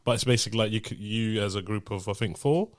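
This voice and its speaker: A man co-hosting a podcast, giving relaxed, rambling explanations in a casual chat among friends. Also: lowish voice, fast, no room sound, clean studio sound. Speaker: podcast co-host.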